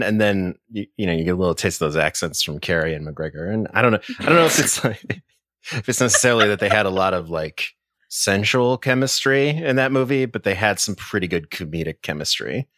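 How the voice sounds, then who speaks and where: A man with a low voice and a bright, forward tone hosts a casual film chat. He talks in an easygoing, amused way, and his dry, close recording has no room echo. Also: lively intonation, a little fast. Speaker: podcast host.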